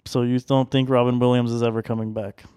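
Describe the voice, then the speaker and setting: A man explaining things patiently on a podcast, teasing and quick to laugh. His voice is mid-pitched and recorded dry and close, with no room sound. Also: little pitch movement, dark tone, smooth, no room sound. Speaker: podcast co-host. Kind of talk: casual chat.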